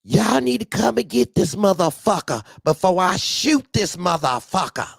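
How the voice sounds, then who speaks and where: A man voicing a furious woman who yells threats about an unwanted man in her home. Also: sits high, sing-song, normal speed, vocal fry, husky, no echo, clean studio sound, pitched above the performer's own voice, exaggerated voice. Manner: yelling threats.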